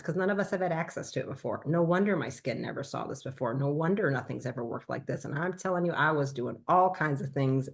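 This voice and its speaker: A woman doctor telling a casual testimonial, animated and acting out her own past remarks. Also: sits low. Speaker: doctor and consultant.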